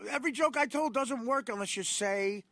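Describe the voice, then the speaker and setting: A man co-hosting a talk show, crude and laughing, breaking into quick impressions of other people. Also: very high-pitched, sharp tone, no room sound, studio quality. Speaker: co-host. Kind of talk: casual chat.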